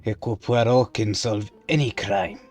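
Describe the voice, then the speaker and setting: A man putting on a deliberately bad Belgian accent to voice a fussy, pompous male detective while streaming a game. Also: fairly low pitch, fairly even intonation, darkish tone, faint music behind, close to an everyday voice. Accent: put-on Belgian. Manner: slow, theatrical pronouncements. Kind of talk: game streaming, playing along.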